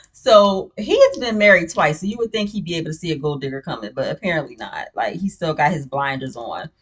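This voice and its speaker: A woman's voice: lowish voice, wildly swooping pitch, brisk, breathy edge. A woman recapping a reality show in casual, blunt, opinionated chat, with many "you know what I'm saying" fillers.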